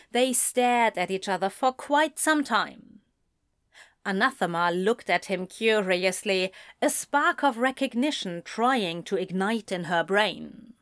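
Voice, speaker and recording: A woman narrating a story in a slow, measured storytelling voice. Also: medium pitch, dry recording, studio quality. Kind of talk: fan fiction audiobook reading.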